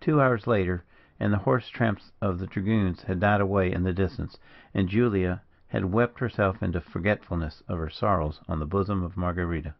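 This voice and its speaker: A man reading a novel aloud as an audiobook narrator in steady, measured narration. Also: sits low, creaky. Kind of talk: scripted narration. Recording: dull lo-fi recording.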